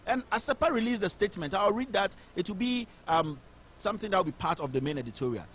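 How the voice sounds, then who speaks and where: A man with a Ghanaian English accent delivers indignant political commentary, firing off rhetorical questions. His voice sits high for a man. A faint hum of background noise runs under the recording. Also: lively intonation, quick pace, a bit bright. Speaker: host of a political commentary show.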